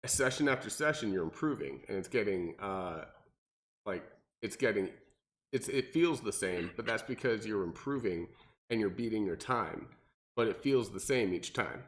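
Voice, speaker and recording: A man, a personal trainer co-hosting a podcast, talking casually and animatedly with lots of fillers and restarts. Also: moderate pace. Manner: animated, mimics people in exaggerated high voices, many fillers and restarts.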